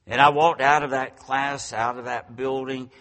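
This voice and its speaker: A man's voice: mid-range voice, steady tone, normal speed, a bit bright. A man in his sixties preaching a storytelling sermon, folksy and self-deprecating. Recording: long reverb from a large hall.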